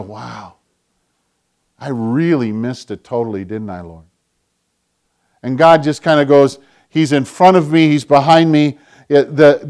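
An older man preaching a sermon, earnest, often dropping to a hushed voice when voicing prayer. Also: fairly high pitch. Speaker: pastor.

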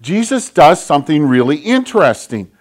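Gentle pastor talking to children. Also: male voice, fairly high pitch, sing-song, normal speed. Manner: gentle, conversational, clears throat often. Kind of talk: children's sermon.

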